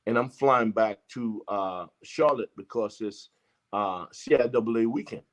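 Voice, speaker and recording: Profane, animated male storyteller. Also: on the low side, measured pace. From Jamaica. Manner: profane, emphatic, acts out quoted exchanges. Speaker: interview guest. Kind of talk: casual storytelling.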